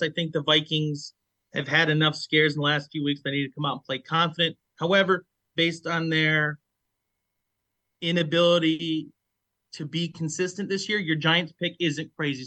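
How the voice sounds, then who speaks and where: A man's voice: fairly high pitch, bright, forceful tone, no room sound. A man co-hosting a casual sports podcast, confident and decisive as he gives his picks. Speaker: podcast co-host.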